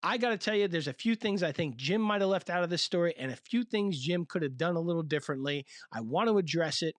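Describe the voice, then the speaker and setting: A male host talks through a story in a chatty, slangy way. His voice is slightly high and sounds dry and close, with no room around it. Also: lively intonation, quick pace, no echo. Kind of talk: casual commentary.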